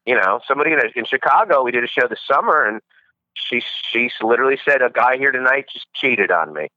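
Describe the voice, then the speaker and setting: A man calling into a podcast as a guest, telling dating-show stories in a casual, animated way. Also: mid-range voice, quick pace, no echo. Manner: storytelling, animated retelling. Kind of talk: casual chat by phone. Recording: dull lo-fi call-in line.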